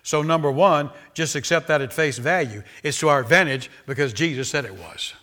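A man preaching a sermon with a fairly high voice and a bright, tense edge. He pushes hard on key words, repeats phrases for emphasis, and breaks in with cries of praise. He speaks to a congregation gathered in church. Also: a little fast. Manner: exclamations of praise between points. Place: church service before a congregation.

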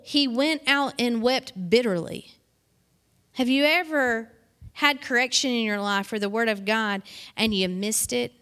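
Middle-aged woman, Bible study leader, fairly high pitch; reads scripture, then breaks into casual explanation with quick asides. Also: a bit bright. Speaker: Bible teacher. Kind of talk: informal Bible teaching.

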